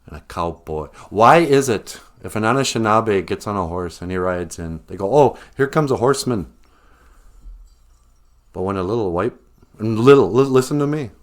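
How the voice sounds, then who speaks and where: A man delivering a mock-serious satirical monologue to camera in a deadpan manner. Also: on the low side, a little fast. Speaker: comedian vlogger.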